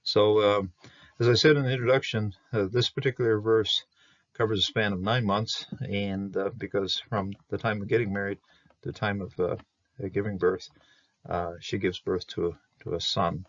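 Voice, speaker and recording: A man teaching a verse-by-verse Hebrew grammar lesson, explaining slowly with many fillers and restarts. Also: fairly low pitch, fairly even intonation, no echo. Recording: dull, muffled dry recording.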